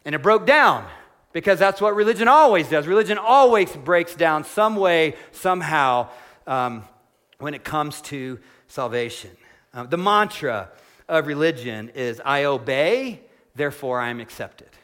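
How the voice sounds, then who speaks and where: A man's voice: on the high side, unhurried. A man preaching a sermon to a congregation from a church stage, acting out the people he quotes. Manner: animated, dramatizing quoted speakers. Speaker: pastor. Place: church hall before a congregation.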